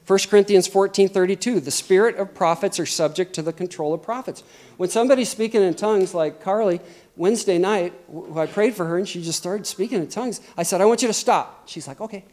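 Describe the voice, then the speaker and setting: A middle-aged man preaching a sermon in a lively, conversational way, often acting out quotes. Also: high voice, brisk.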